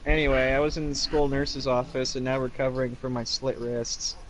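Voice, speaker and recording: A man streaming late at night, reading fan fiction aloud slowly in a deadpan, mock-dramatic way and stumbling over names. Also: mid-range voice, rough recording.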